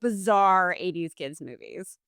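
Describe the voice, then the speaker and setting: A woman's voice: fairly low pitch, lively intonation, unhurried, a bit bright, smooth, dry recording, clean studio sound. A woman who is a guest on a podcast, talking in an easygoing, rambling casual chat. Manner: easygoing, rambling with fillers and laughs.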